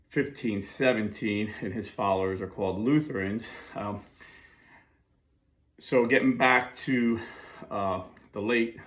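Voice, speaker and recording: Low-voiced, chatty middle-aged man. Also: fairly bright tone. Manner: chatty, with fillers and frequent asides. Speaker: Catholic commentator. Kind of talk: casual monologue.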